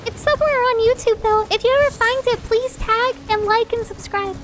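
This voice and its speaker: A woman putting on a squeaky, strained, very high-pitched cartoonish girl voice during gameplay banter. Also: fairly quick. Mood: playful.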